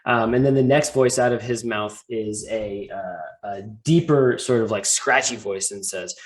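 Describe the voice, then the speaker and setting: A man's voice: on the low side, rough recording. Casual man running a tabletop game. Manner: casual, halting with fillers, laughs easily. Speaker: game master.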